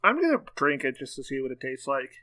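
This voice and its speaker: Podcast guy, super bright voice, bouncy pitch, dry close sound. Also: huge pitch swings, fast talker, dry recording. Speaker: podcast co-host. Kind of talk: casual chat.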